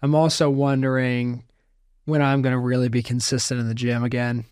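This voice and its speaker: A man co-hosting a casual sports podcast, relaxed, asking questions and thinking aloud. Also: medium pitch, brisk, clean tone, dry recording, clean studio sound. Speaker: podcast co-host.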